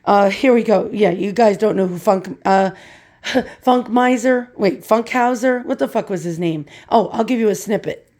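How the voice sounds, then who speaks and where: This is a hoarse woman whose voice is creaky and croaky because she is losing it. She talks in a dark, mellow tone. She rants casually and swears freely as she hosts a vlog about vintage glass. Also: mid-range voice, normal speed. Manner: profane, ranting, self-deprecating. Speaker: vintage glass video host.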